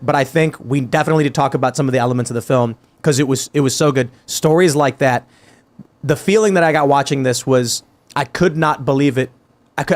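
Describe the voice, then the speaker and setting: A man hosts a podcast in relaxed conversation, with an ordinary mid-range voice. He sounds eager and keeps restarting his phrases. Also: mid-range voice. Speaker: podcast host. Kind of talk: casual chat.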